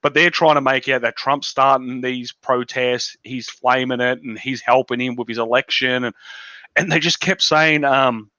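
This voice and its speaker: A man's voice: mid-range voice, steady tone, normal speed, pushed and bright, no echo. An Australian man hosting a casual political chat, blunt and profane, ranting in a dull lo-fi recording. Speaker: podcast host.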